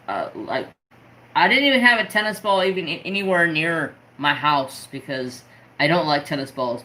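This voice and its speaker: A man's voice: on the high side, a little hiss or hum, rough recording. A man on a crafting livestream telling a story and reading chat. He swears and tells it with a lot of feeling. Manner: emotional, swearing, animated storyteller. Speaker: diamond painting crafter streamer.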